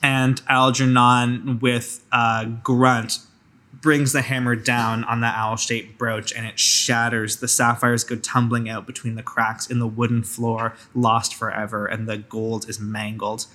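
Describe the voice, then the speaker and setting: A man as game master, narrating a tabletop role-play in a relaxed, hesitant way. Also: mid-range voice, unhurried.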